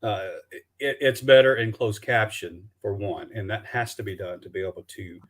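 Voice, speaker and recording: A man from Alabama with a Southern accent, chatting loosely on a video call about his documentary work, halting with many restarts and fillers. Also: on the low side, fairly bright tone. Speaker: documentary filmmaker guest. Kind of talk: casual live-stream chat.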